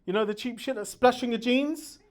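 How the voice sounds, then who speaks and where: A man doing a stand-up comedy routine on stage, loud and brash, laughing at his own jokes. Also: extremely high pitch, brisk.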